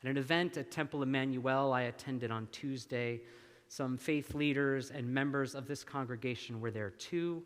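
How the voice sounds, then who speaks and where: A male minister preaching a sermon, slow and deliberate, with long dramatic pauses. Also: a little high. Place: church sanctuary. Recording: long church reverb.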